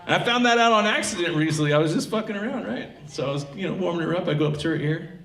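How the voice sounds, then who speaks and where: A man's voice: on the high side, rapid-fire. A stand-up comedian in his thirties from Tacoma, telling stories on a theatre stage and acting out the voices of the people in them. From Tacoma, Washington. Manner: animated storytelling, acting out quoted voices. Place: theatre stage with live audience. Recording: echoey theatre with audience laughter.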